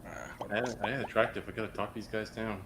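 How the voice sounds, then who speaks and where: A man's voice: lowish voice, fairly even intonation, brisk, background noise. Eager, stumbling male player. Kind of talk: casual tabletop game chat.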